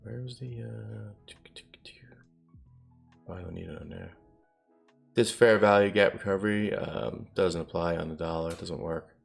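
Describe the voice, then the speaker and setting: A man with a very low, gravelly voice rambles through a live trading stream, half to his viewers and half to himself. His talk is loose and casual, and faint music plays underneath. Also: fairly even intonation, normal speed. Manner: rambling, self-talking, mutters at the screen.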